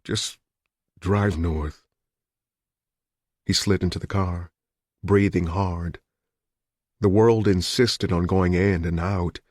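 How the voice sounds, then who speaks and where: Narrating a thriller audiobook from a script, a low-pitched man reads in a steady, measured manner. The recording is dry and studio-clean.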